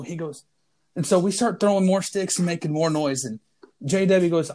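A man's voice: high-pitched, normal speed, darkish tone. A man co-hosting a podcast, telling a funny story in casual chat and laughing through his punchlines. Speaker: podcast co-host.

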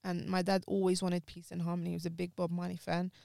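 A woman's voice: fairly low pitch, completely flat delivery, quick pace, vocal fry, warm tone, no room sound. A woman co-hosting a casual podcast chat, speaking openly and emotionally while grieving, her voice close to tears. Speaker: podcast co-host.

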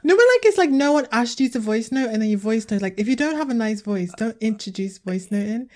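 A woman's voice: fairly high pitch, animated, brisk, a little mellow. A woman from London co-hosting a casual podcast chat over a video call from home, playful, laughing and mimicking voices. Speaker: podcast co-host.

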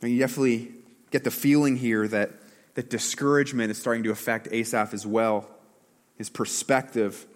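A man's voice: mid-range voice, steady tone, a little fast. A man preaching a sermon, talking casually with the congregation and asking them questions, and sometimes acting out a whining complaint in a raised voice. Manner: conversational, asks the congregation questions; acts out quoted whining with a raised voice. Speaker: pastor. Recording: long hall reverb.

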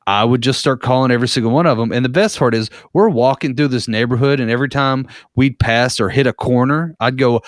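A man's voice: medium pitch, a little fast, few pauses, no room sound, studio quality. A man casually telling a rambling, profane story, with lots of filler words.

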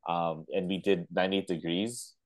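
A man co-hosting a podcast, telling animated stories in casual chat with lots of fillers. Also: sits low, moderate pace. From Canada. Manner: animated storytelling with laughs and fillers. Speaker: podcast co-host.

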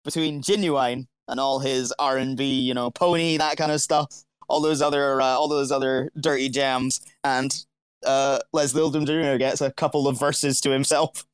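A man's voice: mid-range voice, smooth, no echo. A man, co-hosting a podcast in casual chat, rambling and correcting himself, laughing often. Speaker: podcast co-host.

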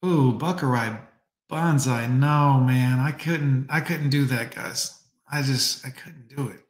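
A man's voice: medium pitch, takes it slowly, reverberant. A man streaming live, mocking clips with sarcastic commentary and talking to his chat.

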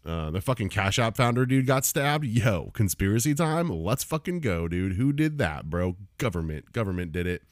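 A man's voice: lowish voice, sing-song, normal speed, hardly any pauses, dry recording, clean studio sound. A man in his thirties hosting a solo comedy podcast, ranting casually with lots of swearing and laughter. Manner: profane, rambling, laughs often.

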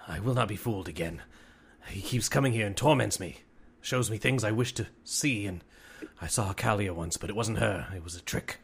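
A suspicious, bitter prisoner, as a man puts him on with an unnaturally deep, growling voice. He sounds subdued, low and quiet in a tabletop game scene. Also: normal speed, slightly rough. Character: frightened male prisoner, wary.

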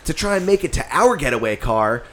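Profane, animated male storyteller. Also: medium pitch, fairly quick. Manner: profane, animated storyteller who acts out other people's lines. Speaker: podcast co-host telling a story. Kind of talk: casual chat.

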